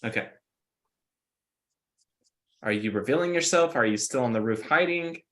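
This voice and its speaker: A man's voice: mid-range voice, animated, normal speed, fairly bright tone. A man narrating as game master in a casual tabletop session, describing scenes with many fillers.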